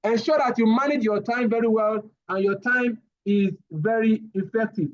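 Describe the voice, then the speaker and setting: A man, giving a live safety training lecture, animated and often repeating his words as he addresses the class. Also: high-pitched, moderate pace, lo-fi sound.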